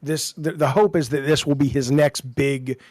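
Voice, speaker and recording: A man's voice: fairly high pitch, steady tone, normal speed, a little mellow, no room sound. Man chatting on a dry mic. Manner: questioning, explains at length. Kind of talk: casual chat.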